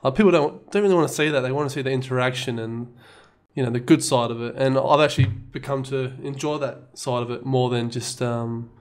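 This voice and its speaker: A man's voice: medium pitch, fairly quick. Bantering man saying "mate". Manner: banter-heavy, says "mate" a lot, swears. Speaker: podcast guest, video maker. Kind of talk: casual chat.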